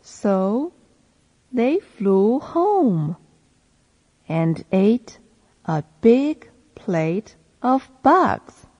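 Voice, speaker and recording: Slow husky woman repeating phrases. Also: medium pitch, sing-song, darkish tone, dull audio. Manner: repeats each phrase slowly and clearly after a male reader. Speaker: reading teacher. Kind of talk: slow read-aloud for learners to repeat.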